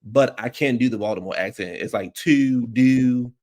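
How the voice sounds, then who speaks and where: Low-voiced man rambling on a livestream. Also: quick pace. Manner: rambling and loose, full of "like" and restarts. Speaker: livestream host. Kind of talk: casual livestream chat. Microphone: streaming microphone.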